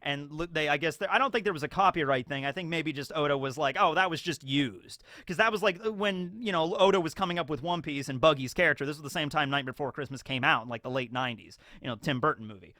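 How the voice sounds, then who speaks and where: A man casually recapping a show episode in an animated way, often acting out scenes. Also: a little high, fast talker, few pauses, no echo. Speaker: YouTube show reviewer.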